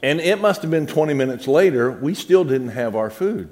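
A man's voice: a little high, lively intonation, moderate pace, darkish tone. A man telling a humorous personal anecdote with dry, sarcastic understatement, stumbling now and then into restarts and repeated words. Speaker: storyteller.

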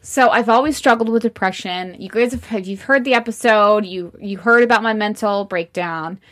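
A woman's voice: mid-range voice, normal speed, a bit bright. A woman in her thirties co-hosting a casual podcast chat over cocktails, candid and laughing, swearing freely. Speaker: podcast co-host.

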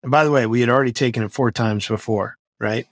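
A man's voice: mid-range voice, quick pace, dry recording. A middle-aged man, a former Navy SEAL and author, telling stories energetically as a podcast guest. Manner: energetic, motivational, animated storytelling. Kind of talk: podcast interview storytelling.

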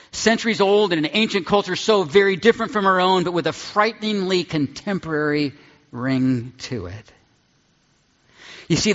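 A man preaching a sermon and reading scripture aloud, earnest and deliberate, dropping low on key words. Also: fairly bright tone. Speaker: pastor. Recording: dull sound in a large reverberant hall.

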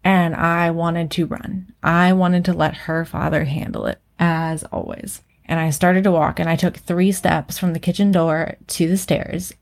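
A woman's voice: fairly low pitch, little pitch movement, unhurried, few pauses. A woman in her thirties talking candidly with a co-host about shame and parenting, emotional and loose, peppered with fillers and casual swearing. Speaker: podcast co-host. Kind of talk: candid personal conversation.

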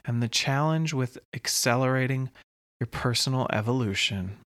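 A man hosting his own podcast, talking slowly and earnestly in a reflective solo monologue with long pauses. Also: mid-range voice, fairly bright tone, no room sound, studio quality. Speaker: podcast host.

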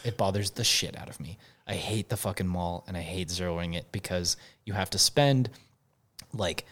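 A man's voice: deep voice, normal speed. A young man, a firearms instructor, telling stories in a casual podcast chat, swearing freely and laughing. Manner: profane, animated storytelling with swearing and laughter. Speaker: firearms instructor and company co-founder.

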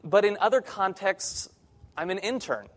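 A man's voice: sits high, lively intonation, normal speed, a bit bright. A young man, a church intern, preaching a conversational sermon with self-deprecating humor in a church sanctuary. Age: young adult.

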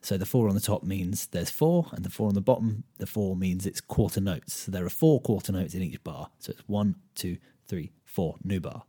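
A British man with a low, dark, slightly husky voice talks through a guitar lesson on his own podcast. He is relaxed and unscripted, thinks out loud with plenty of ums, and counts beats aloud as he goes. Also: moderate pace, few pauses. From United Kingdom. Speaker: podcast host and guitar teacher. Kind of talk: casual solo podcast lesson.

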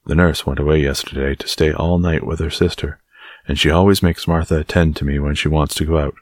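A man voicing a shy, sickly boy who speaks softly and sleepily, in a storybook reading. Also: a bass voice, steady tone, brisk, dry recording, studio quality. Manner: soft and sleepy.

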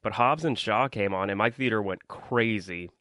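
A man's voice: fairly low pitch, moderate pace, pushed and bright, no echo. A young man hosting a solo podcast, rambling through a casual movie review with lots of ums and likes while complaining about his audience. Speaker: podcast host.

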